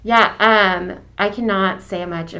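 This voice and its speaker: A woman who leads a church's deacons, talking in a casual podcast conversation. She is effusive and warm-hearted about her subject, with many fillers and restarts. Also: medium pitch, steady tone, slow pace. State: getting emotional.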